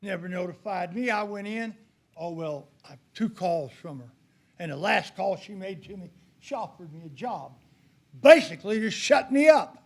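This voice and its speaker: A man's voice: sits high, normal speed, vocal fry. An older man giving a heated, accusatory public comment at a county commissioners' meeting.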